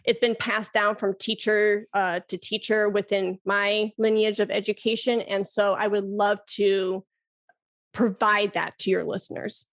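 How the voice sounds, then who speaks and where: A woman flute teacher talking on a podcast in an animated way, laughing often and demonstrating breath sounds. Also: medium pitch, measured pace. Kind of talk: casual podcast conversation.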